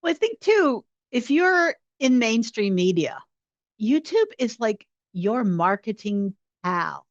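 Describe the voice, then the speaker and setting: A woman journalist hosting a casual interview over a video call, talking in quick, animated bursts of enthusiasm. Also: on the high side, dry recording. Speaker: journalist host. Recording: dull, dry lo-fi call audio.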